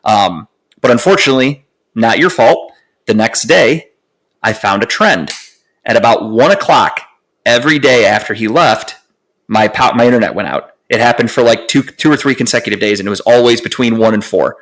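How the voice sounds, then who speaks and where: A man's voice: mid-range voice, normal speed. Young man ranting on a podcast. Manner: animated, profane ranting with lots of fillers. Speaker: podcast co-host. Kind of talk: casual storytelling chat.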